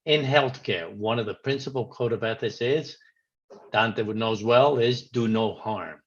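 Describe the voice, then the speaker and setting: A man with a fairly low voice speaks as a medical director, giving a formal, measured address. He reads from prepared remarks at a steady pace. The audio is dull and lo-fi. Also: husky.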